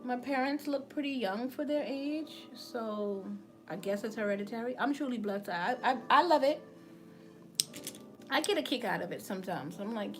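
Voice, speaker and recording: A woman's voice: on the high side, moderate pace, soft background music. A woman, hosting a casual livestream, chatting with viewers and laughing often as she tells a story. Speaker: livestream host.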